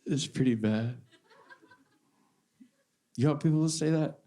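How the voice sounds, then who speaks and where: A man doing a stand-up set on a club stage, deadpan and self-deprecating, repeating lines for effect. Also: medium pitch, a little slow, long pauses. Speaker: stand-up comedian. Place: comedy club stage before a live audience. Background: audience laughter.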